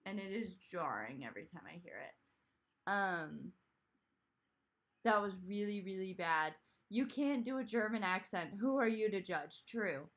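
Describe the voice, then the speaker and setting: A woman's voice: medium pitch, lively intonation, a little slow. A woman hosting a live stream, chatting casually and rambling as she answers comments from chat. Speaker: streamer host.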